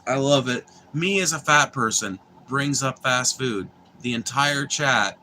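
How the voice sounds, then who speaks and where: A man's voice: mid-range voice, a little slow, few pauses, pushed and bright, a little hiss or hum. A young man, chatting casually and rambling with viewers on a livestream, swearing freely and restarting sentences. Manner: profane, meandering, restarts and filler words.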